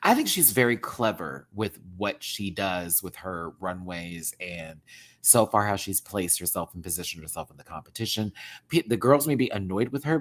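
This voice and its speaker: A man reviewing a show to camera talks in a chatty, expressive rant. His voice dips to murmured asides, then jumps up into loud exclamations. Laughter keeps breaking into his talk. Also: low voice. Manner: animated, swings from hushed asides to loud exclaiming; laughs often. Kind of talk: casual commentary rant to camera.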